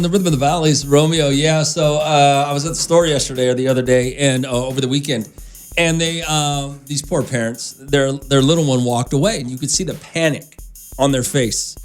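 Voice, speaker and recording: A man's voice: medium pitch, a little mellow. A male radio morning show host talking casually in a studio, telling loose, rambling stories straight to his listeners. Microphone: studio microphone.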